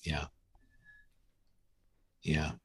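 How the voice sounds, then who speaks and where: Drawing out his words in a fairly bright tone, a man in his fifties tells his recovery story as a podcast guest. It's casual conversation, candid and self-mocking, packed with restarts.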